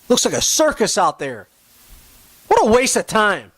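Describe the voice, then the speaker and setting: A man's voice: high-pitched, wildly swooping pitch, measured pace, a bit bright, no echo. Fed-up young man ranting about football. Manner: frustrated, profane ranting. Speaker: podcast host. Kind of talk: sports podcast rant.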